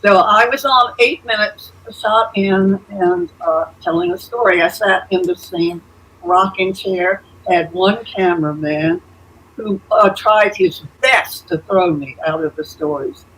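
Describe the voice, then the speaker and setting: Over a rough video call recording with a little hiss or hum, an elderly storyteller guest speaks in a mid-range voice at a measured pace. She's warm and anecdotal, chuckling at her own asides and saying "uh" and "you know" a lot.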